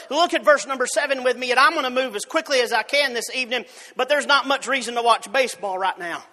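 Man, fervent sermon, very high voice, bright edge, long church reverb. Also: fast talker, few pauses. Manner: fervent, repeats words and restarts often. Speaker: preacher.

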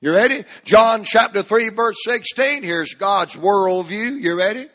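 A preacher, a man with a high and bright voice, delivers a fervent sermon that moves from shouts to near whispers and unhurried, drawn-out phrases. He calls his congregation to read along aloud, and his voice rings out with a long reverb off a large church hall. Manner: fervent preaching, swinging from shouts to hushed drops; leads the congregation in reading aloud. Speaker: pastor.

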